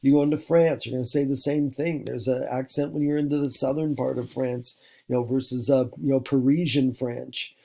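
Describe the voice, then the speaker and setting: A man's voice: mid-range voice, steady tone, fairly quick, creaky, mellow. A man from the United States, teaching a recorded lesson in a rambling way with many fillers and restarts. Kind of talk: recorded classroom lecture.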